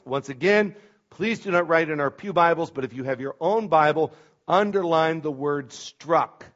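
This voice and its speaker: A pastor delivers a sermon in a church. His voice sits a little high for a man, and he leans hard on key words before dropping into quiet asides. The recording is dull and lo-fi, with the top end cut away. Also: normal speed. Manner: emphatic, swings between loud stresses and quiet asides. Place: church sanctuary. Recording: dull lo-fi sound.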